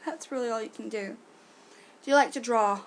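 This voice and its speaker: A woman's voice: a little high, a little fast. A young woman answering fan questions in a casual, self-deprecating vlog. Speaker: vlogger.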